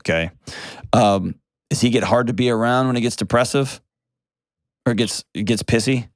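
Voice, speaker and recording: A man's voice: mid-range voice, moderate pace, no echo, clean studio sound. A middle-aged man, hosting an advice show and talking with a caller in a direct, blunt, plainspoken way, repeating key phrases. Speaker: host.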